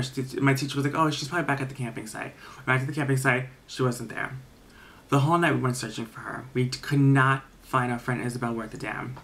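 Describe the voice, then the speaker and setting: Young guy for a storytime vlog, rambling, filler-heavy, swears casually, mid-pitched voice. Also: a bit bright.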